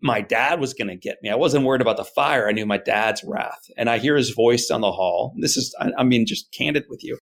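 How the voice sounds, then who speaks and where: A man being interviewed, telling a personal story in an earnest, animated way and acting out his parents' words. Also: medium pitch, brisk, vocal fry, hardly any pauses. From United States. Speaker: guest.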